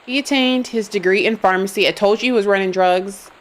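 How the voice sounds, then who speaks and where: A woman's voice: mid-range voice, fairly quick, poor audio. A young woman streaming a game live, joking around and talking to her chat. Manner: playful, jokey, talks to chat. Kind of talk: live gameplay commentary.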